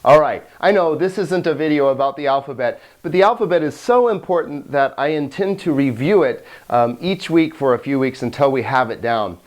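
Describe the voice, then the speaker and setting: A middle-aged man gives a recorded language lesson with real enthusiasm. His voice rises and falls in an animated way as he explains, and he chuckles now and then. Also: fairly high pitch, a little fast, few pauses. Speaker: Greek teacher.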